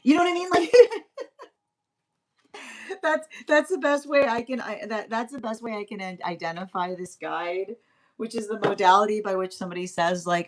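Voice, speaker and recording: Woman tarot reader, halting and repetitive delivery with many fillers, turns lively as she goes. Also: mid-range voice. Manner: grows animated and laughing. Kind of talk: spoken intuitive reading.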